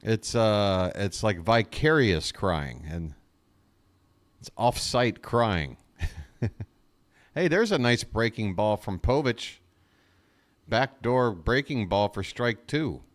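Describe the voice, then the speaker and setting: A man doing live fan play-by-play of a baseball game, exasperated and sarcastic, with jokey asides between pitches. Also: lively intonation, slow, pauses often. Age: adult.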